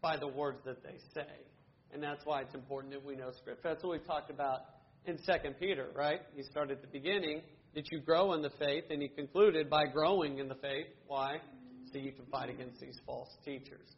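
A man's voice: on the high side, steady tone, fairly quick, lo-fi sound, a little hiss or hum. A man teaching a Bible study class, earnestly asking questions and answering them himself, with frequent restarts.

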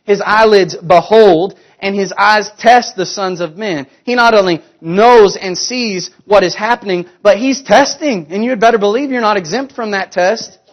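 A man preaching a sermon, asking rhetorical questions and swinging between emphatic, louder passages and hushed, quiet ones. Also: high-pitched, normal speed, few pauses.

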